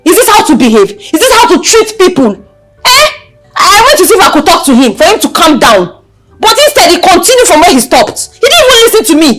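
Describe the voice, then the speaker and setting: A woman's voice: extremely high pitch, brisk, over music. An actress with a Nigerian accent playing an outspoken young woman who pleads with her mother and scolds her sister. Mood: pleading. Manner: emphatic, pleading and scolding, lively. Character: outspoken young adult woman, defends tenant, fiery. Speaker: daughter in the family. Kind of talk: Nollywood film acting.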